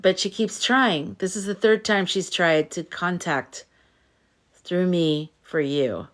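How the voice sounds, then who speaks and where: A woman's voice: on the low side, slow. Tired woman chatting on a livestream. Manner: chatty, reads viewer comments aloud and reacts. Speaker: livestream host reading chat comments. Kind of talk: casual live-stream chat.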